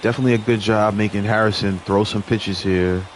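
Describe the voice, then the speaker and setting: Man, young adult, video game baseball commentary, fairly low pitch, faint background hiss. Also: brisk. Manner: excitable on big plays, chatty asides to viewers. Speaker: gaming channel host.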